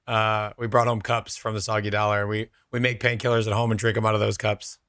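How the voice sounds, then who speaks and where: Bright-voiced male gaming streamer. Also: fairly low pitch, flat delivery, a little fast, dry recording, clean studio sound. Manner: chatty, reads out and answers chat, laid-back. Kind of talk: casual chat with viewers while gaming.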